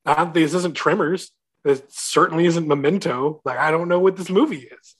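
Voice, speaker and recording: A man's voice: fairly high pitch, fairly quick, slightly rough. A man co-hosting a casual movie podcast, rambling and hesitant, full of "like" and restarts. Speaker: podcast co-host.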